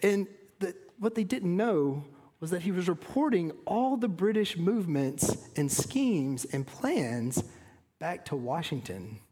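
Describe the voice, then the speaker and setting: High-voiced earnest male pastor preaching. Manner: earnest, falls to a hush at phrase ends. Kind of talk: sermon.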